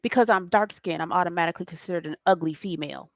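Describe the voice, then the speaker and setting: Speaking rapid-fire in a lowish voice, a woman in her 40s leads a spiritual late-night talk with impassioned, preachy intensity and plenty of swearing. The studio-quality recording has no room sound.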